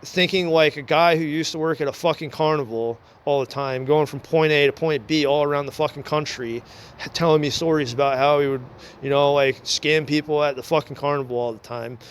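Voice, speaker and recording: A former computer repair shop manager records a rambling, profane, aggrieved monologue. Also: male voice, on the high side, clear, resonant tone.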